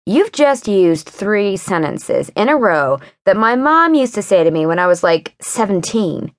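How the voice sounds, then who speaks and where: A woman's voice: mid-range voice, sing-song, measured pace, dry recording, clean studio sound. A woman reading a defensive, volatile woman in her thirties with a sarcastic edge. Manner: sarcastic, rising to shouting.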